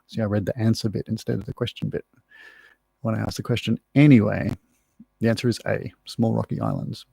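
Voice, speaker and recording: A man's voice: lowish voice, level tone, brisk, creaky, dark tone, slightly rough, no echo, clean studio sound. A man hosting a live online pub quiz from home, chatty and rambling with self-mocking asides. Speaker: quiz host. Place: room at home.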